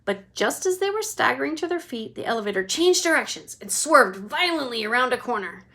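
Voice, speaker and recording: Bright-voiced woman reading a bedtime story. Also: on the high side, very animated, a little fast. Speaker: parent reading to a child. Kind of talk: bedtime read-aloud.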